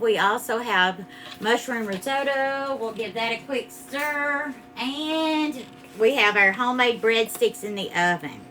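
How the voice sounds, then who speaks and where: Bright-voiced woman cooking live. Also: a little high, a little hiss or hum. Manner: chatty, warmly greets viewers by name. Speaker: cooking livestream host. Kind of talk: casual live cooking chat. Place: home kitchen.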